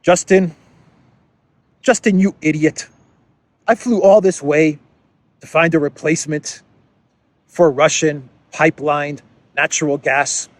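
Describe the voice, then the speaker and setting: An irate middle-aged national leader, as a man puts on a mocking impression, scolding loudly and throwing insults. His voice sits a little high and carries exasperation. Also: fairly even intonation, takes it slowly, long pauses, dry recording. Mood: exasperated.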